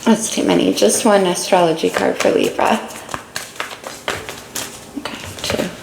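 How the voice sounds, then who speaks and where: With a steady, mid-range voice marked by vocal fry, a woman gives a casual tarot reading, speaking a bit slowly and warmly about each card drawn. The room sounds echoey, with faint noise underneath.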